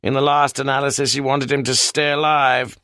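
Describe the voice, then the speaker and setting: A man voicing a calm, probing British police detective with a British accent, speaking slowly and deliberately. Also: medium pitch, no room sound, studio quality, close to an everyday voice. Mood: measured. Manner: slow, measured accusation.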